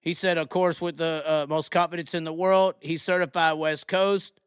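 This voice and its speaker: Guy hosting a live stream, high voice, goes off sarcastic, dry close sound. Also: level tone, normal speed, smooth, no echo. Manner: sarcastic, ranting, mocking. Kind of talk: live call-in chat show.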